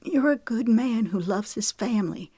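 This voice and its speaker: A woman reading the part of a frightened, tearful young woman who speaks softly, almost in a whisper. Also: medium pitch, a little slow, gravelly, slightly rough, no echo, clean studio sound, pitched above the performer's own voice. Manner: soft, near whisper, trembling.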